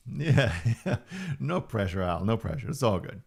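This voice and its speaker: A man's voice: mid-range voice, big pitch swings, measured pace, gravelly, husky. A man in his forties, a native Spanish speaker, chatting casually and playfully on a live stream, joking and chuckling often. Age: 40s.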